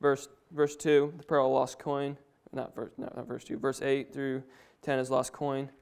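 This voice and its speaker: A man's voice: medium pitch, level tone, moderate pace, vocal fry, a little mellow, clean tone. A man preaching a sermon, reading scripture aloud and then explaining it in his own words with frequent restarts.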